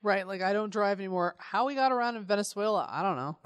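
A woman's voice: mid-range voice, lively intonation, fast talker, clear, resonant tone. A woman co-hosting a casual comedy podcast, summarizing a book with playful sarcasm and frequent laughter. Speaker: podcast co-host.

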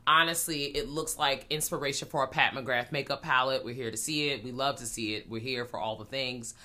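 Playful movie recap co-host, bright edgy voice, mid pitch, lots of um and you know. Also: steady tone, brisk. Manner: chatty, playful, trails off with fillers. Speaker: podcast co-host. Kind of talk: casual movie recap chat.

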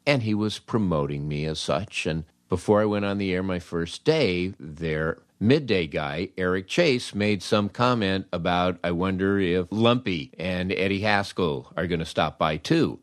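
A man's voice: sits low, measured pace, hardly any pauses, no echo, studio quality. An older American man telling radio career stories in a wry, sardonic way, acting out the people he quotes. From United States. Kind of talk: casual storytelling monologue.

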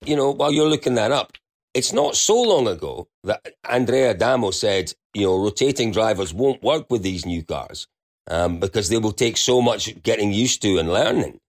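A man's voice: fairly low pitch, expressive, normal speed. A man in a casual rally chat, chuckling and posing long questions to his co-hosts. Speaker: podcast co-host.

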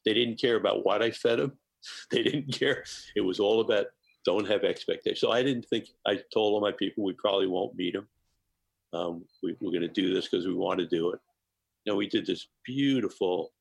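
An older man telling animated anecdotes as a podcast guest, often laughing between phrases. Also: sits low, moderate pace, creaky, husky. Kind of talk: storytelling in a podcast interview.

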